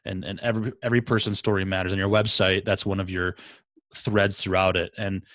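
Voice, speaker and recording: A man hosting an interview, asking questions hesitantly with pauses and restarts. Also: low-pitched, flat delivery, fairly bright tone, no room sound, studio quality. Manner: hesitant, many fillers and restarts when asking. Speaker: interview host. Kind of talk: conversational interview.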